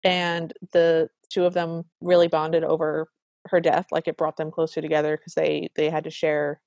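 Podcast co-host, a woman, low pitch, playful and enthusiastic, dry close sound. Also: monotone, normal speed, darkish tone, dry recording. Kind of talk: casual chat recapping a film.

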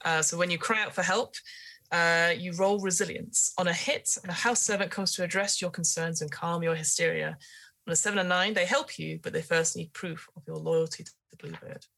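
A woman game master narrates a tabletop role-playing game. Her voice is fairly low, and she builds each scene with hesitant, filler-laden description. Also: steady tone, brisk, creaky, sharp tone, poor audio.

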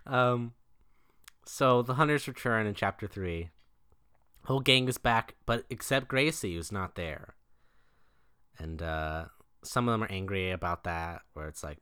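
A man's voice: on the low side, a little slow, long pauses, bright, forceful tone, smooth, dry recording, studio quality. A man co-hosting a casual movie podcast, recapping the plot in a laid-back way with lots of filler words. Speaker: podcast co-host.

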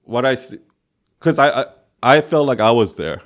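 A man co-hosting a podcast in casual chat, with a calm, soothing voice and a rambling manner full of filler words. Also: mid-range voice, normal speed. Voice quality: calm voice that listeners find soothing. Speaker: podcast co-host.

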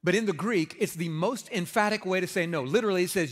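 A man's voice: high voice, fast, long reverb tail. A man preaching a sermon in a conversational, emphatic way, with folksy humor. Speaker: pastor.

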